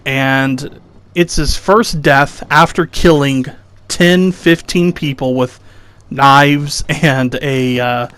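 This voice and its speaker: Over gameplay footage, a young man delivers sarcastic, exasperated commentary in a slow, clean, slightly bright mid-range voice. He ridicules his critics, putting on whiny voices to mimic them.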